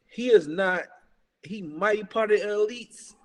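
A man's voice: high-pitched, a little slow, long reverb tail. A man ranting in a heated, casual podcast chat. He is profane and emphatic, repeats himself and keeps saying "bruh". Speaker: podcast talker.

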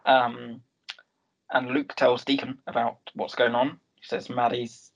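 A man with a gravelly, slightly husky voice walks his co-host through a TV episode. He speaks in a loose, chatty way, quoting the characters as he goes and filling the gaps with "um.". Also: mid-range voice, level tone, a little slow, lo-fi sound. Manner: storytelling recap with many "um"s and quoted lines. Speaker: podcast co-host recapping a TV episode. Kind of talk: casual chat.

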